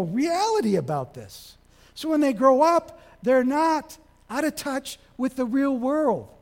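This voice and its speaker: A man preaching a sermon, animated, acting out little dialogues and swinging from loud to soft. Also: very high voice. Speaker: pastor. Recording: long hall reverb.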